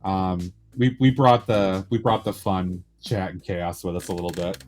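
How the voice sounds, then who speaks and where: A man's voice: deep voice, fairly even intonation, normal speed, darkish tone, soft background music. Easygoing man, stream host, casual chat, laughs often. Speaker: livestream host.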